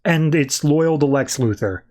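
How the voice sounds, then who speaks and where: A man hosting a podcast, recapping comics in a casual, wry, offhand way and slipping into quick character voices. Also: fairly high pitch, darkish tone. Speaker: podcast host.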